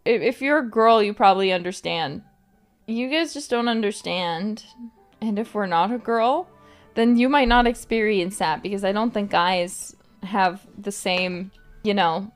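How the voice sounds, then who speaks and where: A woman streamer rambling in casual late-night chat, giggling often and filling her talk with "like". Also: medium pitch. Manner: rambling, giggly, filler-heavy "like".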